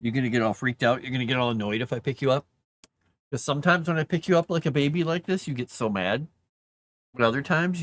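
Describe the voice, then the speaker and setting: Man musing aloud with a lively voice. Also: medium pitch. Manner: talks softly to his dog between musings. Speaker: author streaming live writing. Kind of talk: casual live-stream chat.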